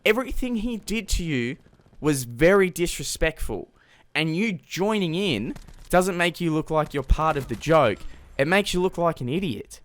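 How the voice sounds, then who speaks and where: Heated man ranting, higher voice. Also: expressive, moderate pace. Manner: blunt, heated, lots of "like" fillers. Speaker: YouTube commentator. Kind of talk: casual rant vlog.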